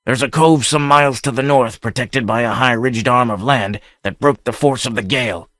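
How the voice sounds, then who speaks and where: A man's voice: mid-range voice, normal speed, a bit bright, no room sound, clean studio sound, natural voice. A man voicing a bold, swaggering pirate captain who bellows and mocks, in an audiobook reading. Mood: taunting. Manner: bellowing, mocking.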